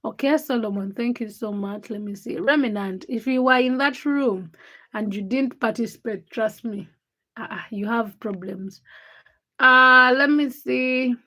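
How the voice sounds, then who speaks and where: A woman's voice: a little high, a little slow, pushed and bright. A tired young woman hosting a late-night livestream, teasing and chatting with viewers as she reads their comments by name. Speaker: livestream host.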